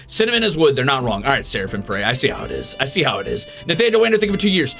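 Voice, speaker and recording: A man's voice: medium pitch, huge pitch swings, rapid-fire, vocal fry, few pauses, fairly bright tone, soft background music. A man hosting a casual livestream, reading out viewer donations with profane, teasing, mock-grumpy banter. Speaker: streamer.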